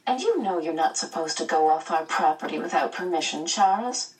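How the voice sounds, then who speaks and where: A woman voicing a calm, brisk scientist mother who speaks lightly and reassuringly. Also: deep voice, recorded from a distance.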